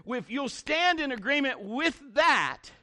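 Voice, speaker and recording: A middle-aged man preaching a sermon in an animated, conversational way, with big swings in pitch. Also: slow.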